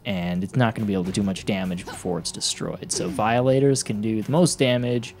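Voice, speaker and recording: A man's voice: lowish voice, steady tone, fairly quick, darkish tone. A young man giving casual gameplay commentary, rambling, blunt and mocking, laughing often. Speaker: gaming commentator. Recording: music playing behind voice.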